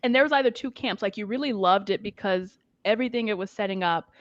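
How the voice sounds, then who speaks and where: A woman's voice: medium pitch, quick pace. A woman co-hosting a podcast in casual chat, talking freely and laughing often. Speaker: podcast co-host. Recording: dull muffled podcast audio.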